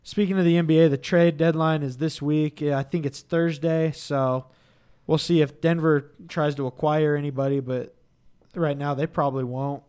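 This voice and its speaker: An easygoing man co-hosting a casual podcast, talking sports and holidays with his friend. His voice sits a little high for a man. He is chatty and quick to react. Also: steady tone, a little mellow, clear, resonant tone. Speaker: podcast co-host. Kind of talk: casual chat.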